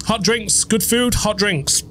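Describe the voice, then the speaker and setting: Jumpy gamer man, slow talker. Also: high-pitched, sharp tone, slight background noise. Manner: jumpy, swearing, muttering reactions. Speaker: gaming YouTuber. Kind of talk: horror game let's play commentary.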